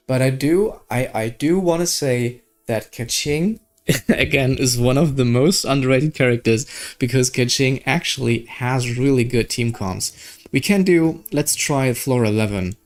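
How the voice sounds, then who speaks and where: A young man from Germany with a German accent, giving casual gameplay commentary, excitable and swearing at the game. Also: medium pitch, a little slow, faint music behind. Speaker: gaming streamer.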